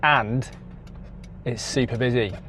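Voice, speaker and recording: Travel vlogger, man, mid pitch, casual and wry, noisy car recording. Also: slow, sharp tone. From England. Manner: chatty, self-deprecating, laughs at himself. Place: in a car and outdoors on a ferry. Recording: noisy car and outdoor background. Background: car and traffic noise.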